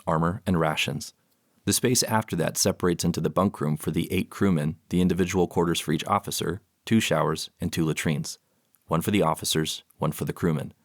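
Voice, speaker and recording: A male audiobook narrator with a low, deep voice reads in a measured, even way. The sound is close and very dry, with no room echo. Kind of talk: scripted narration.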